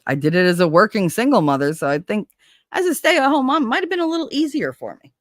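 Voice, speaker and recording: A woman's voice: mid-range voice, very animated, fast, no echo. A middle-aged woman with a New Jersey accent, hosting a casual livestream chat in a candid, profane, chatty way. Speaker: livestream host.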